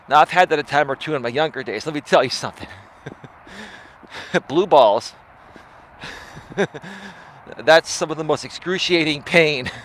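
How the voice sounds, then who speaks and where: A man in his forties hosts a live stream as a life coach, talking in a loose monologue. He keeps checking in with "right?" as he goes. His voice sits fairly high, with a faint hum behind it. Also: fairly bright tone. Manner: chatty, tags lines with "right?".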